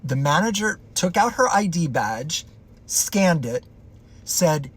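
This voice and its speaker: Husky-voiced man telling a story. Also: fairly high pitch, sing-song, takes it slowly, a bit bright. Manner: chatty, loose retelling with filler words. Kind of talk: casual storytime.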